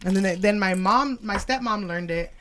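A woman's voice: mid-range voice, normal speed, a bit bright, slight background noise. A woman in casual chat, playfully explaining and demonstrating a secret slang.

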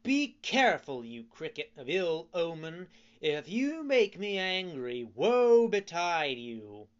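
A man's voice: fairly high pitch, sing-song, takes it slowly, muffled recording. Pinocchio, a brash wooden puppet boy, as a man puts him on. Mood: furious. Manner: raised, brash voice. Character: wooden puppet boy, rude and hot-tempered. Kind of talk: storybook reading.

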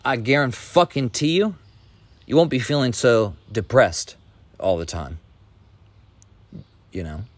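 A man in his thirties rants into the mic on his podcast, swearing freely as he pushes listeners to get up and act. His voice sits at an ordinary middle pitch. The sound is dry and close, with no room behind it. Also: slow, long pauses, dry recording. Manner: profane, blunt, fired-up preaching. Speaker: podcast host. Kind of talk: casual motivational rant.

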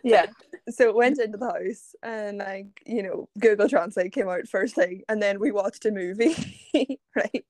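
A woman's voice: medium pitch, normal speed, a little mellow, no room sound. A young Irish woman in her twenties, a podcast guest telling a long casual story and laughing often. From Ireland. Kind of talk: casual chat.

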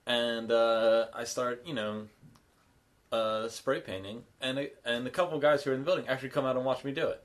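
A man's voice: medium pitch, steady tone, fairly quick. A man co-hosting a comedy podcast, telling a casual story in a meandering, self-correcting way. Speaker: podcast co-host.

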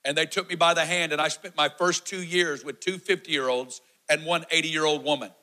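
A man in his forties preaching a sermon testimony, telling his story with animated energy and acting out the shouts and quotes. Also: fairly high pitch, a little fast, few pauses, low-quality recording.

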